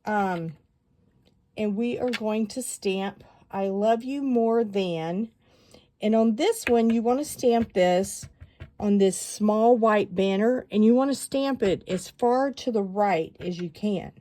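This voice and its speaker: Woman host for a craft tutorial, mellow tone, chatty and digressive. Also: mid-range voice, takes it slowly. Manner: chatty, rambling with asides and fillers. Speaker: stamping craft demonstrator.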